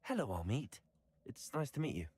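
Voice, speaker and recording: A man's voice: medium pitch, sing-song, moderate pace, a little mellow, slightly rough. A man voicing a polite, slightly hesitant young male student in a video game.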